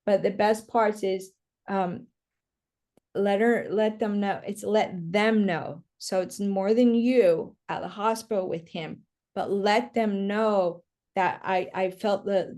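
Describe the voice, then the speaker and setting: A woman's voice: mid-range voice, fairly even intonation, slow pace, dark tone. A woman working as a psychic medium, giving a chatty reading on a video call with many fillers. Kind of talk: live online reading.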